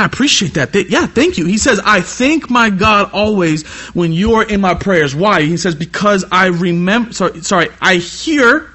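A young man from California preaching a sermon as a youth pastor. He swings between animated preaching and chatty personal asides, full of repeated "you know.". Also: high-pitched. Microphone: iPad.

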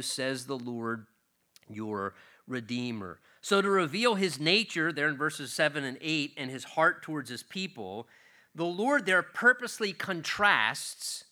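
An older man preaching a sermon with a bright, forceful voice that sits a little high for a man. He is earnest and emphatic, and his volume rises and falls on key words.

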